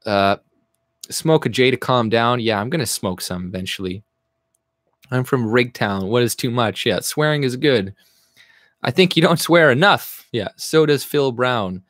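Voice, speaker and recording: A man's voice: mid-range voice, lively intonation, measured pace, fairly bright tone, dry recording, clean studio sound. A young man from Canada hosting a casual livestream, talking bluntly with a lot of swearing, rambling, and reading the chat aloud as he answers it. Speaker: livestream host.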